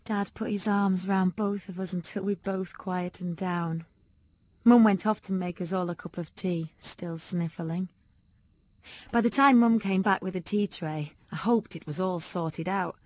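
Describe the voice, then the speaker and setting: A woman's voice: lowish voice, fairly even intonation, a little slow, darkish tone, no echo. A woman reading a first-person children's story aloud expressively. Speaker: audiobook narrator.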